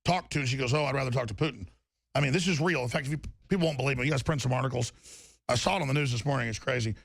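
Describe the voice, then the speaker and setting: A man's voice: mid-range voice, racing, creaky, dry recording. A man hosting a political talk radio show, ranting emphatically and restarting his sentences over and over. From Texas.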